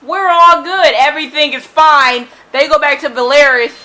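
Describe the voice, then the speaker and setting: A young woman recapping a novel in an excited reading vlog, gushing and dramatic, breaking into screams and laughs between run-on summaries. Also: high voice, normal speed, low-quality recording. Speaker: book vlogger.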